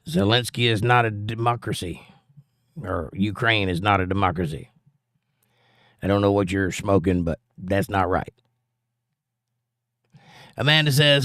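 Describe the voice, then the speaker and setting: A man's voice: medium pitch, moderate pace, fairly bright tone, clean tone, no room sound, studio quality. A man hosting a casual livestream, reading viewers' chat comments aloud and arguing back at them.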